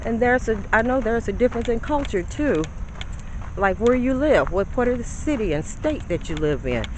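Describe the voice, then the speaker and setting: A woman's voice: a little high, sing-song, normal speed, noisy background. A woman in her fifties, vlogging from her car on a phone, chatty and lecturing, calling her viewers honey. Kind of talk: casual vlog talk. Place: in a car, parking. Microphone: phone camera.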